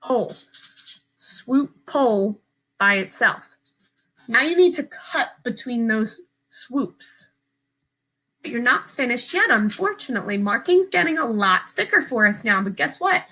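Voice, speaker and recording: A woman teacher giving a slow, patient, step-by-step phonics lesson to young children from home. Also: a little high, animated, bright, forceful tone, poor audio.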